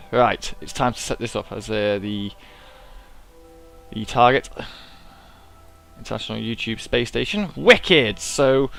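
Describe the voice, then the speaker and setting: A young gaming YouTuber does casual let's-play commentary, mocking himself and talking through each step of the game. His voice is lowish and gravelly, with a fairly bright tone.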